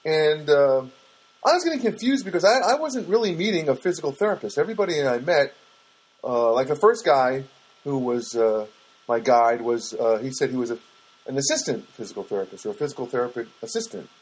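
A man with a husky, slightly breathy voice talks through a loose, rambling monologue. He hesitates often and restarts sentences, with dry, wry asides. His pitch sits at an ordinary middle for a man. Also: expressive, fairly quick, rough recording. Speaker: vlogger.

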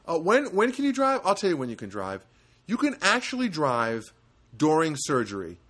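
A man's voice: a little high, wildly swooping pitch, moderate pace, fairly bright tone. Rambling, wry middle-aged man. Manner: rambling, wry, joking asides, frequent restarts. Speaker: storyteller. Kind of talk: casual anecdotal monologue.

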